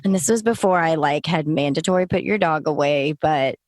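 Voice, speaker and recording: Lower-voiced woman podcast co-host. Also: fairly quick, no echo. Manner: laughing, animated anecdote telling. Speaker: podcast co-host, lactation consultant. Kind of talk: casual podcast chat.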